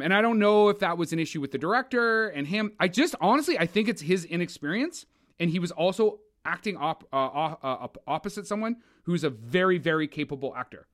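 A man co-hosting a film podcast, opinionated and animated, swearing and mocking actors in casual chat. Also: high voice, a little fast. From Canada. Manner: opinionated, animated, swears, mocks with put-on voices. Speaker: podcast co-host.

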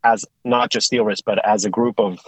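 A man's voice: fairly low pitch, normal speed, breathy edge, no room sound, low-quality recording. Man telling stories. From Sweden. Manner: animated storyteller with frequent restarts. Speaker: guest, tilt rotator company executive. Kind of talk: casual conversational storytelling.

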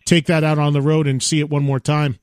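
A man with a notably high speaking voice hosts an interview. He stresses his points emphatically and praises his guest at length. The sound is dry and close, with no room around it. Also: flat delivery, brisk, darkish tone, clean tone, no room sound. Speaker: radio show host. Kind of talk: interview questions and chat.

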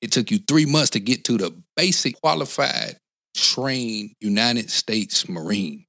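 A man's voice: medium pitch, animated, a little slow, pushed and bright, dry recording. Earnest man recalling boot camp, dry sound. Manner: earnest, rambling, frequent restarts and "you know what I'm saying". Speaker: interview guest, former Marine. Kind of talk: casual interview talk.

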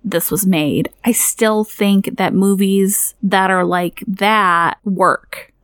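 A woman's voice: medium pitch, fairly even intonation, slow pace, a bit bright, clear, resonant tone, no echo, clean studio sound. A woman co-hosting a podcast in casual chat, chatty and teasing, full of "like" and "you know". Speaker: podcast co-host.

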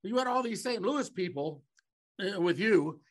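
A man's voice: high-pitched, expressive, measured pace. A man from Omaha co-hosting a podcast, chatting casually with an old friend and teasing him in easy banter. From Omaha, Nebraska. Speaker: podcast co-host. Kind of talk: casual chat.

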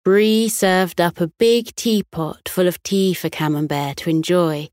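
A British woman narrating a children's bedtime story in a soft, soothing manner. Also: on the low side, a little slow, hardly any pauses, no echo, studio quality.

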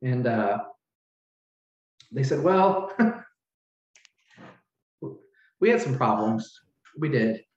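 A middle-aged man, a hotel manager, telling a personal story in an interview, earnest and halting, close to tears. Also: mid-range voice, lively intonation, darkish tone. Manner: earnest, halting, with many restarts and fillers. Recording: roomy, dull lo-fi sound.

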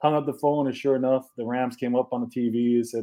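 Mellow-voiced man from Hawaii. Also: mid-range voice, quick pace. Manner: relaxed, many "you know" and "uh" fillers. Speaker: guest, former football player. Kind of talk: casual interview.

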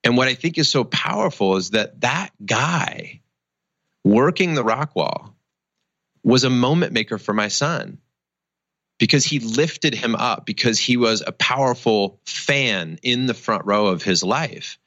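Animated, bright-voiced man telling a story. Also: mid-range voice, measured pace, no echo. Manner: animated storyteller acting out quotes. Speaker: guest, charity founder. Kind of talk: storytelling interview answer.

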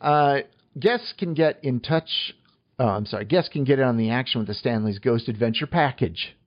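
A man co-hosting a casual podcast chat, halting through many fillers and tossing in joking asides. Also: medium pitch, muffled recording. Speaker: podcast co-host.

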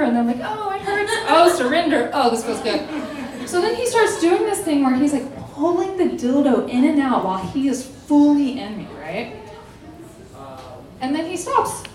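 A young adult woman telling a personal story in casual chat, animated and dramatic, acting out quotes with laughing asides. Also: sits high, distant mic. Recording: echoey room, voice off-mic.

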